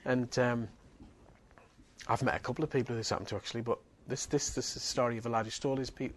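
A man preaches a sermon in an ordinary mid-range voice, speaking fast with fairly even intonation over slight background noise. He's earnest and emphatic, driving his points home through repetition.

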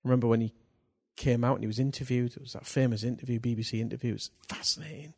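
A man preaching a sermon, swinging between hushed lines and loud, drawn-out bursts for emphasis. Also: medium pitch, fairly even intonation.

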